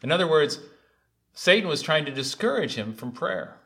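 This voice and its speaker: A man preaching a sermon in an earnest way, often repeating lines and rising to loud, emphatic calls. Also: on the high side, big pitch swings, normal speed.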